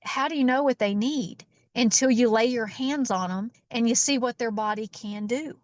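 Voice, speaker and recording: A woman chiropractor guest telling a patient story in an interview, acting out the dialogue with lively energy. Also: a little high, normal speed, no echo. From Georgia, US. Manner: animated storyteller who acts out quoted dialogue.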